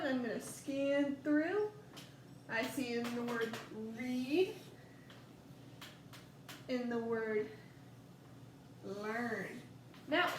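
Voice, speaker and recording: A woman with a Southern US accent teaching a first grade lesson, slow and coaxing, stretching words out for young children. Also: sits high. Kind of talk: recorded distance-learning lesson for young children. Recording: echoey room, faint background noise.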